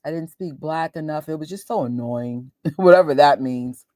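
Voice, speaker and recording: This woman's voice is low and warm, at a moderate pace, captured studio-quality with no echo. A New Yorker with that accent, she hosts a movie watch party, laughing and chatting casually with live viewers and quoting voices.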